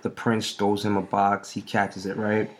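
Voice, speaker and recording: A man co-hosting a casual podcast, telling a story slowly with many ums. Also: lowish voice, completely flat delivery. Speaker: podcast co-host. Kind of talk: casual chat.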